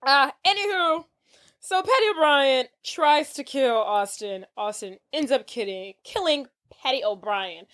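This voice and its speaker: High-voiced giggly woman recapping a film. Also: a little slow. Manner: giggly, animated storytelling. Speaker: podcast co-host. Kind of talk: casual movie recap chat.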